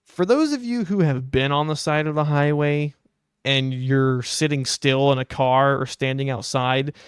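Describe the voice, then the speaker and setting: Smooth-voiced young man telling a wry story. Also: medium pitch, measured pace, dry recording, clean studio sound. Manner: animated, wry storytelling with quoted asides. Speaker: podcast host. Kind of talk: casual anecdote telling.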